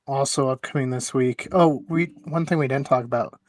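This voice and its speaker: A man's voice: mid-range voice, moderate pace, no room sound. A man hosting a casual sports podcast, easygoing and chatty, steering the talk with questions. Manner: easygoing, chatty, laughs often. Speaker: podcast host.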